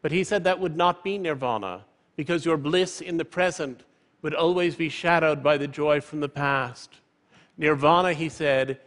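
A man in his fifties giving a prepared public talk from a stage, in a measured, eloquent way. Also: a little high, fairly bright tone. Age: 50s. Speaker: public speaker. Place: stage in a large hall. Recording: reverberant large auditorium.

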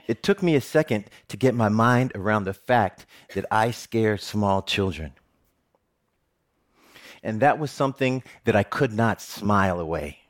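Speaking in a lowish, unhurried voice, this middle-aged man, a TV presenter, gives a personal storytelling talk. He's an animated storyteller who cracks jokes and laughs frequently.

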